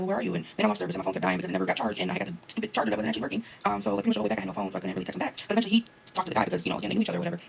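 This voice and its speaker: A young woman vlogger telling a story to her viewers in a fast, animated, casual rant. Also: fairly low pitch, gravelly, dull audio, a little hiss or hum. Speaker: travel vlogger.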